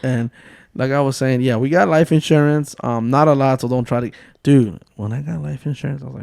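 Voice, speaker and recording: A man's voice: mid-range voice, brisk, creaky, darkish tone, dry recording, clean studio sound. A man in his thirties co-hosting a casual podcast, telling stories with loose jokes, swearing and frequent laughs. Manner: loose, joking, swears a lot, laughs often. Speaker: podcast co-host.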